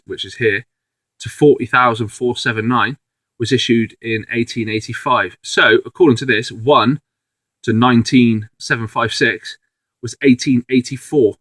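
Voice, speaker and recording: A man's voice: medium pitch, fairly bright tone, no room sound, poor audio. A man talks casually through his finds as a reseller vlogger, rambling along with lots of fillers and restarts. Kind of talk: casual video commentary.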